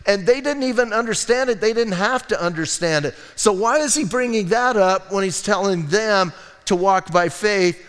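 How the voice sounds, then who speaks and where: Brief: male pastor, slightly high voice, chatty storytelling sermon, long hall reverb. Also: normal speed, a bit bright, clear, resonant tone. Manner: conversational storytelling preaching with asides and restarts. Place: church sanctuary.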